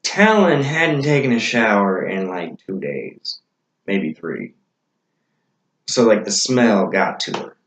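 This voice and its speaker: A man's voice: lowish voice, sing-song, slow, a bit bright, reverberant, dull audio. A man telling stories in a casual, rambling way with many fillers. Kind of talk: casual storytelling.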